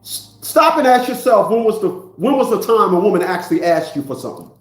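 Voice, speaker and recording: A man's voice: sits high, sing-song, brisk, roomy sound. A man in his fifties ranting in a preachy, profane monologue, often repeating himself. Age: 50s. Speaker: vlogger.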